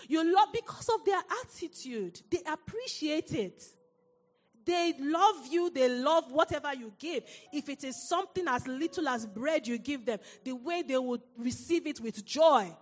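A woman preaching a sermon, telling a personal story in an animated way and laughing often. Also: high voice, normal speed, big-room sound.

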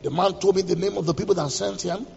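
A man, a pastor telling a dramatic testimony in a sermon, quoting scripture and swinging between loud and hushed delivery. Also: high voice, fast talker, gravelly, slight background noise. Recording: distant voice in a reverberant hall, dull sound.

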